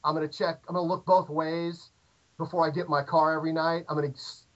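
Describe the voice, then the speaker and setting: A middle-aged American man tells a rambling story full of fillers and restarts. His voice sits a little high for a man. The call audio is dull and lo-fi. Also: fast. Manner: rambling, animated anecdote with many fillers and restarts. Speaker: podcast guest. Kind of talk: casual storytelling. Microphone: remote call audio.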